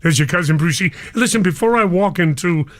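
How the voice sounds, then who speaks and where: A man's voice: high voice, lively intonation, a little fast, dry recording. Older man, radio DJ, emotional, affectionate, dry close mic. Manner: affectionate, calls listeners cousins. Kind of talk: live radio address to listeners.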